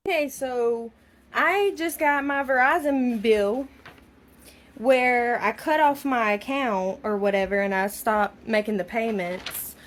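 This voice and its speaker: A woman casually vlogging, reading a phone bill aloud in disbelief. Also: fairly high pitch. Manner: incredulous, reading slowly.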